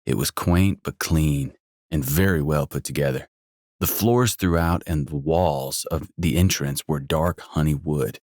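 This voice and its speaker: A man narrating a romance audiobook in the first person with a measured, even reading. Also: a bass voice, no room sound, studio quality.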